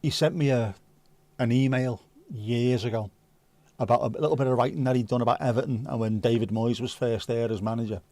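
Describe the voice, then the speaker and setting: A man in his fifties hosts a relaxed livestream, chatting with viewers and spinning comic stories. His voice sits at an ordinary middle pitch, and the sound is dry and close, with no room around it. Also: fairly quick, no echo. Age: 50s. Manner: chatty, swearing, comic storyteller. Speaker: livestream host. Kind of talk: casual chat reading viewer comments.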